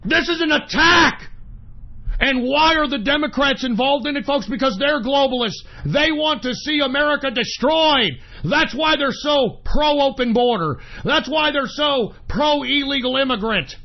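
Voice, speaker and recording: A man hosting a political talk radio show, ranting angrily, swearing and shouting, and calling his listeners folks. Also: very high voice, normal speed, gravelly, few pauses. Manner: angry, profane, shouting tirades. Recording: dull lo-fi internet radio recording.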